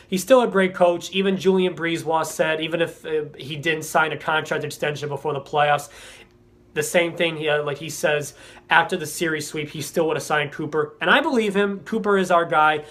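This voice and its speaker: A man's voice: on the high side, a bit bright. Angry young man ranting about hockey. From Florida. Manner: frustrated, rambling, swears often. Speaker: hockey fan vlogger. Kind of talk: angry fan rant.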